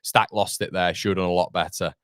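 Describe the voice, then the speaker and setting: A man's voice: low-pitched, steady tone, a little fast, a bit bright, clean tone, no echo, studio quality. A man hosting a fan watchalong, calling the match live play by play and answering viewer chat, with partisan exasperation. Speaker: fan channel host.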